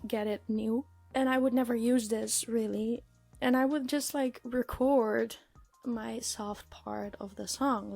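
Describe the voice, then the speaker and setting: A young woman in her twenties talking in a casual personal vlog, halting and emotional, with many fillers. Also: on the high side, gravelly, a little mellow. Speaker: vlogger. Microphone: microphone.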